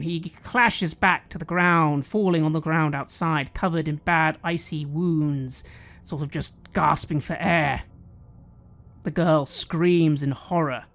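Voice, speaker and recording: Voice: mid-range voice, fairly bright tone. A game master narrating scenes and asking players what they do. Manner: descriptive, measured narration.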